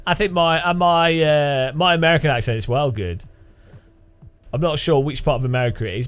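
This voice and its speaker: A man's voice: on the high side, moderate pace, pauses often, fairly bright tone, clear, resonant tone, faint music behind. A British man streaming a game live, chatting casually in a rambling, jokey way with frequent restarts. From Britain. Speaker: gaming streamer. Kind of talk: casual live gaming chat.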